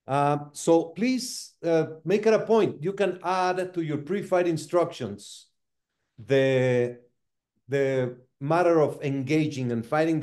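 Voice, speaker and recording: Brief: male seminar host, slightly higher voice, mellow, talks slowly and deliberately. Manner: measured, unhurried moderator. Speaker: host of referee masterclass. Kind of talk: online seminar discussion.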